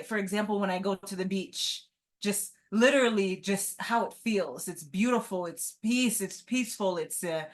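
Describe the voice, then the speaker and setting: A woman's voice: mid-range voice, normal speed. A woman guest on an interview podcast, talking earnestly and often adding "right?" to her points. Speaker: guest, entrepreneur. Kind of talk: casual interview talk.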